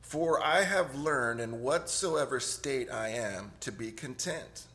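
A man's voice: mid-range voice, expressive, takes it slowly, a bit bright. A middle-aged male pastor preaching in a church, conversational, with joking asides and repeated words. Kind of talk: sermon. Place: church sanctuary.

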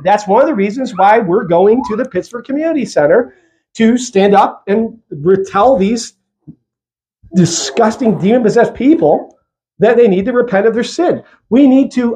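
A male pastor preaching a sermon in a church, lively and conversational, with jokey asides. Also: high voice.

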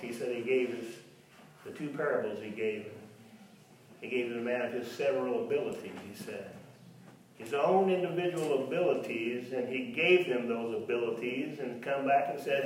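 A man's voice: moderate pace, a little hiss or hum. A man preaching a sermon, sometimes mocking imagined doubters in a raised voice, recorded in a church. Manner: mocks imagined doubters in a high voice. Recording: echoey hall from far off.

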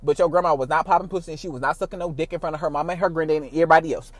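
A man with a high-pitched voice talks in a loose, unscripted monologue. He is animated and profane, jumping from loud, excited bursts to low, quiet asides. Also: rapid-fire, dry recording. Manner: animated, profane, laughs often, swings loud and soft. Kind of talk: casual monologue.

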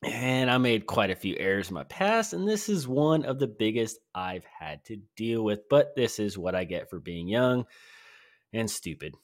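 A man's voice: on the low side, slow pace, no echo, studio quality. A man voicing a regretful young man reading his letter home in a stilted, overly formal way, using a mock British surfer accent.

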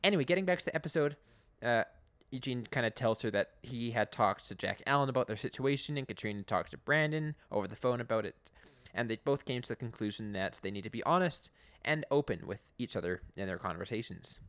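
Animated, lively young man recapping. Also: medium pitch, brisk, few pauses. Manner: animated, laughing, with many restarts. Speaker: podcast co-host recapping episodes. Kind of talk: casual chat.

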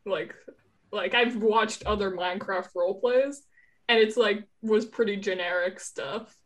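A young woman chatting casually as a fan, hesitant and quick to laugh. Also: mid-range voice. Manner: laughing, hesitant, lots of fillers. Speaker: fan interviewee. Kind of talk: casual chat.

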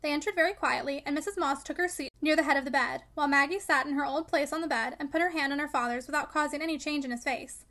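A woman reading a classic novel aloud in steady scripted narration, voicing the dialogue quietly. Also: high voice, fast talker, few pauses. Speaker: audiobook reader.

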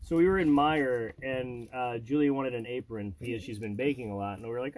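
Man in his thirties, casual storytelling, animated, middle-pitched, laughs a lot. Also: a little fast, poor audio. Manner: animated, jumps into voices, laughs often. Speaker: podcast host and father.

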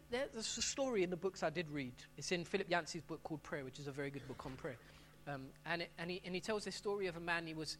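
A man's voice: a little high, fairly bright tone, a little hiss or hum. A middle-aged man preaching a sermon as pastor, talking in a conversational way and often restarting his phrases.

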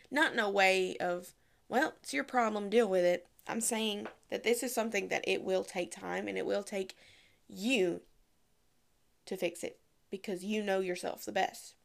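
A young woman giving casual, candid advice to the camera, chatty and frank, with lively asides. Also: medium pitch, creaky. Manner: chatty, candid, acts out quoted voices.

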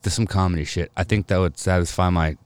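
A man telling stories in casual chat with friends, profane and animated, often quoting people in put-on voices. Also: deep voice, quick pace, clear, resonant tone, no room sound.

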